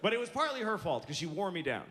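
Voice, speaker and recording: Animated, high-pitched man doing stand-up. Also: fast, big-room sound, a little hiss or hum. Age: 40s. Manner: exasperated, self-mocking, animated. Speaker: stand-up comedian. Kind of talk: stand-up comedy storytelling.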